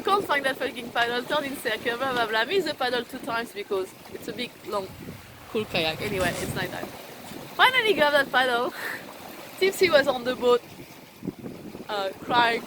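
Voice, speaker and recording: A woman's voice: on the high side, expressive, moderate pace, pauses often. Woman vlogging from her boat, wind blasting the mic, rambly storytelling with lots of swearing and laughs. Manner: rambling, swears freely, laughs between phrases. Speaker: sailing vlogger. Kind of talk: casual storytelling to camera. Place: outdoors on a sailing boat, steering. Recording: wind noise on an open deck.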